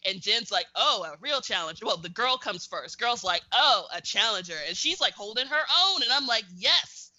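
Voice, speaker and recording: A young woman co-hosting a podcast, telling a story in an animated, excitable way in casual chat. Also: on the high side, moderate pace, few pauses, no room sound, lo-fi sound. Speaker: podcast co-host.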